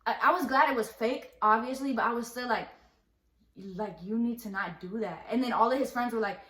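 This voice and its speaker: A young woman casually telling a storytime, rambling and animated, acting out what people said, full of slang. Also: on the high side, a little fast, roomy sound. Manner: rambling, animated retelling with quoted dialogue and slang.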